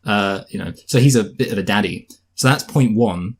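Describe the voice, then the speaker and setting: A man's voice: on the low side, normal speed, over a noisy crowd. A man co-hosting a casual film review podcast, rambling and joking as he corrects himself. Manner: rambling, self-correcting, jokey.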